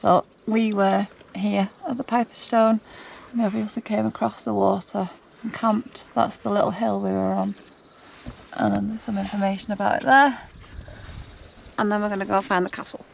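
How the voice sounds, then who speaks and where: A woman's voice: medium pitch, fairly even intonation, moderate pace, vocal fry, dull audio, slight background noise. A woman vlogging outdoors on a hillside walk, chatty and out of breath, often laughing. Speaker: travel vlogger. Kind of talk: casual walking vlog narration.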